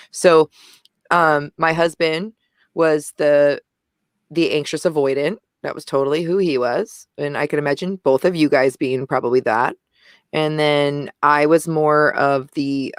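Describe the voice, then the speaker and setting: A woman's voice: low voice, clean tone, no echo, clean studio sound. A woman co-hosting a casual discussion, talking intensely and animatedly and often restarting her sentences. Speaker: podcast co-host.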